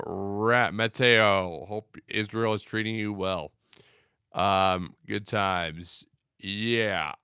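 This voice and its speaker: Bright, laid-back young man. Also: fairly low pitch, smooth, no echo, studio quality. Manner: laid-back, rambling, filler-heavy. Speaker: livestream host. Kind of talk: casual livestream chat, reading out viewer comments.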